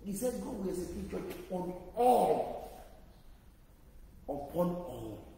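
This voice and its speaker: A man preaching a sermon, emphatic and rising to loud exhortation. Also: sits high, sing-song, slow pace, gravelly. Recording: echoey hall, voice from far off.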